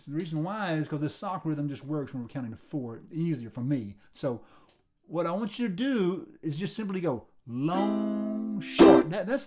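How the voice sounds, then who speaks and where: A man teaching a song on ukulele in a relaxed, repetitive way, counting beats aloud and explaining the rhythm. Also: fairly high pitch. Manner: sings lyrics slowly while playing. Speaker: music teacher. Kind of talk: instrument lesson. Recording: ukulele playing under the voice.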